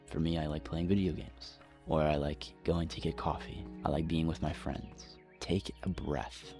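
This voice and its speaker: Young man, very low and gravelly, earnest devotional vlogger, faint music underneath. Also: fairly even intonation. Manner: earnest, confessional, with soft pauses. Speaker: Christian vlogger. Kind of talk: personal devotional talk to camera.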